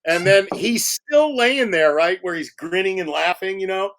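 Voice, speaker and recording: A man, a film director, telling behind-the-scenes stories as a guest, animated and laughing as he acts out quotes. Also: sits high, normal speed. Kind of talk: storytelling in a podcast interview.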